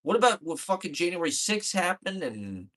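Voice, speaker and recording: A man's voice: high voice, very animated, moderate pace, fairly bright tone. A man in a casual political rant, profane, exasperated and rambling, with many fillers.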